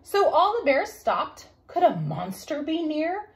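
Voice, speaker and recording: A woman, a children's librarian, reading a picture book aloud for story time in an expressive way. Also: sits high. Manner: expressive, slow, sing-song reading.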